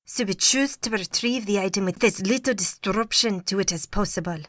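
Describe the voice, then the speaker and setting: A woman's voice: mid-range voice, normal speed, fairly bright tone, no room sound, studio quality, lightly acted. A woman reading an audiobook, voicing a polite, deferential man who leads an excavation team. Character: polite male dig team leader, deferential. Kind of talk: audiobook character voice.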